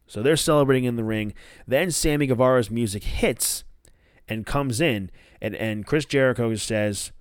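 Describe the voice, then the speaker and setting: A man's voice: normal speed, clear, resonant tone, no echo, clean studio sound. A man hosting a show, casually recapping events and acting out quoted lines in a raised voice. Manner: animated retelling, acts out quoted lines with higher pitch. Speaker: wrestling podcast host.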